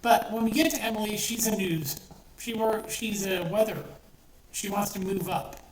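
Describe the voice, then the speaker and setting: A woman's voice: medium pitch, normal speed. Lady ranting about a movie she hated, swears a lot, kinda far from the mic in an echoey room w/ faint hiss. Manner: blunt, swears often, exasperated ranting with restarts. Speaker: movie reviewer. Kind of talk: ranting casual film review.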